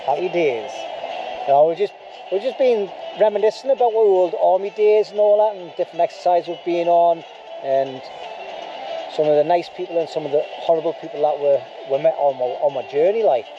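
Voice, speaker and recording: Music plays behind a middle-aged man talking to his handheld camera at a nighttime beach camp, where this bushcraft vlogger rambles along in a self-deprecating, casual way. His voice is a little high and a little quick, and the recording sounds muffled.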